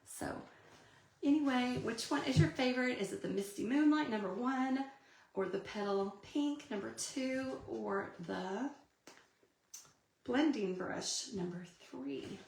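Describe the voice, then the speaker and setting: A woman's voice: on the high side, a little slow, vocal fry. A woman, chatting through a live card-making demonstration and answering viewer comments. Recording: echoey room.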